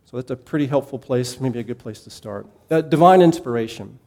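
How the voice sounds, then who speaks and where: Mellow-voiced man teaching a Bible class. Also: mid-range voice, brisk. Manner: conversational, asks the class questions, repeats key points.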